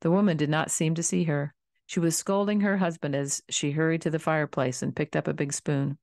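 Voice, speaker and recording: A woman narrating a children's novel in a calm, steady storybook reading. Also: sits low, fairly quick, dry recording, studio quality. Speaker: audiobook reader.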